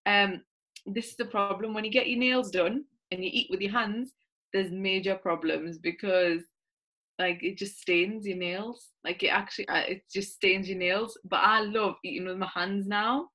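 A woman's voice: medium pitch, steady tone, moderate pace, pushed and bright. A woman, a podcast guest telling rambling, enthusiastic stories. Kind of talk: casual chat.

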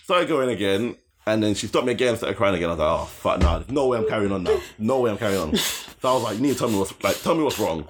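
A man's voice: fairly low pitch, animated, quick pace. A young man telling a long story in casual podcast chat. He rambles, swears, laughs often and acts out the voices in his story.

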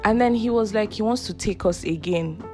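A woman's voice: mid-range voice, normal speed, over music. A young woman, hosting a podcast and telling a personal story casually, laughing often. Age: 20s. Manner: chatty, laughs often, acts out quoted voices. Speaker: podcast host.

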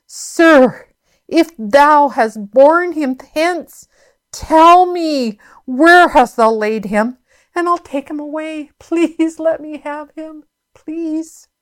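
A woman's voice: sits high, very slow, pitched above the performer's own voice. A woman voicing a grieving woman who begs, in tears, to know where the body was taken. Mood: pleading. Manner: tearful, pleading. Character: grieving woman pleading at an empty tomb.

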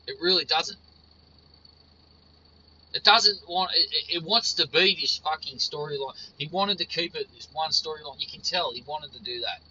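A man's voice: on the high side, normal speed, pushed and bright, dull audio, slight background noise. A man ranting casually as a frustrated horror fan, swearing often and repeating his points. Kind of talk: casual profane rant.

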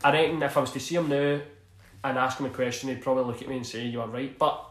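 A former footballer from Scotland, in his thirties, talks very fast in a medium-pitched, steady voice, and the audio sounds roomy. He tells loose, rambling stories in a casual interview, laughing often and repeating "do you know what I mean."

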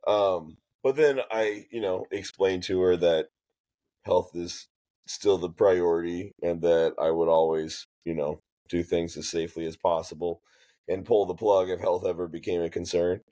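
A man co-hosting a podcast, telling a story in casual chat, relaxed, with fillers and swearing. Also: deep voice, moderate pace. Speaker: podcast co-host.

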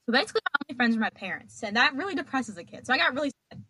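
A woman's voice: high voice, sing-song, very fast, bright, forceful tone, breathy edge, dry recording. A young woman telling stories as a podcast guest, chatty and dramatic, laughing as she goes. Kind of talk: casual storytelling.

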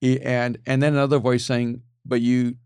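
A middle-aged man in a casual conversation, animated, laughing often and repeating words as he starts sentences. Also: mid-range voice, normal speed, clear, resonant tone, no room sound, clean studio sound.

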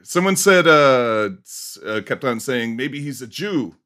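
Lively bright man telling a story. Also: mid-range voice, unhurried. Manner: storytelling with many uh fillers, drinking beer. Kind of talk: casual chat, retelling a history documentary.

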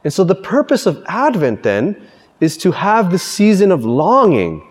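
Lively preacher in a reverberant hall. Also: male voice, high voice, a little slow. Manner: animated, lively storytelling. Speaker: Catholic preacher. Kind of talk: sermon.

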